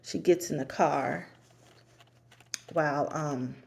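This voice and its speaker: A woman's voice: low-pitched, steady tone, slow pace, vocal fry, darkish tone. A woman giving a rambling, casual recap of a TV show, with many fillers and restarts, often laughing as she talks. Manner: laughs often while talking.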